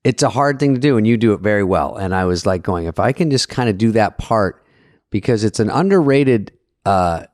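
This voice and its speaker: A man's voice: lively intonation, brisk, darkish tone, no echo, studio quality. A man co-hosting a podcast, telling a rambling story and acting out quotes in bursts. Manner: rambling storyteller, acts out quotes with jumpy pitch. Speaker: co-host. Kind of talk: casual podcast chat.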